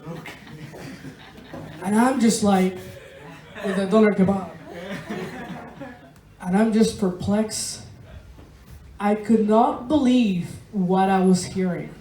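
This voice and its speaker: A stand-up comedian from Venezuela works a live audience in the big room of a bar, delivering slow, deadpan stories punctuated by laughter and swearing. Her voice is of ordinary pitch, recorded from a distance in an echoey room.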